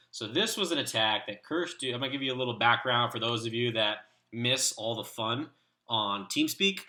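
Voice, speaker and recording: A man leading a clan, giving relaxed, rambling commentary with lots of fillers. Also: mid-range voice, echoey room. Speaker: clan leader and video host. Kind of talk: casual game commentary.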